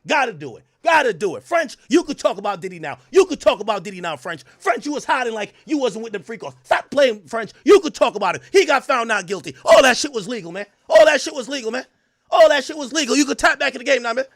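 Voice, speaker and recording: A man's voice: extremely high pitch, animated, fairly quick, a bit bright, no echo, clean studio sound. A man hosting a livestream, giving profane, joking commentary and laughing often. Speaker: livestream host. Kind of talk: comedic legal commentary stream.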